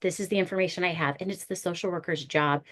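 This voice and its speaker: A woman therapist who leads ministry workshops, talking earnestly and with animated storytelling in a panel discussion. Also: fairly low pitch, quick pace.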